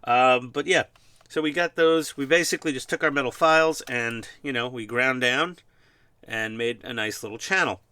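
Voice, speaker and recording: A New York man with a matching accent rambles casually at his home hobby workbench while building a scale model, mocking himself and using lots of fillers. His mid-range voice moves at a normal speed and sounds pushed, bright and smooth, with no room sound.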